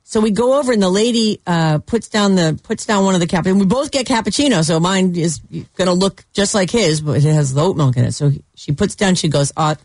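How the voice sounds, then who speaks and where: A woman co-hosting a radio show, telling stories in animated casual banter with frequent laughs. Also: on the low side, brisk, few pauses, no room sound, studio quality. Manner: animated storyteller, laughs often.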